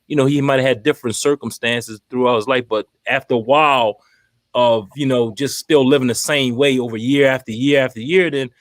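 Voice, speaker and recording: A man co-hosting a casual talk show, offering relaxed advice and greeting viewers by name as he reads their comments. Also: mid-range voice, brisk, dry recording. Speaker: co-host reading viewer comments.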